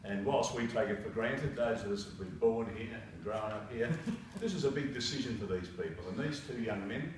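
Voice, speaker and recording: In a council meeting room, the presiding officer, a man with a lowish voice, gives a formal speech at a citizenship ceremony and reads with frequent hesitations. He speaks at normal speed with lively intonation and hardly any pauses. The echoey chamber is picked up from far off, with a little hiss or hum.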